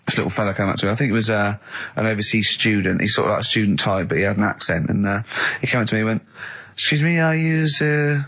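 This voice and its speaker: An English man hosting a comic radio show, telling animated stories and acting out other voices. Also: on the low side, racing, breathy edge. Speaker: radio host. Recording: archived radio studio recording.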